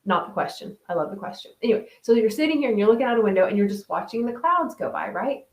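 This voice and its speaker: A woman's voice: a little high, lively intonation, fairly quick, darkish tone. Chatty woman in a roomy echo. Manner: chatty, thinks aloud with many restarts and "right?". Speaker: host of a mindfulness talk reading viewer comments. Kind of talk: casual live-stream chat.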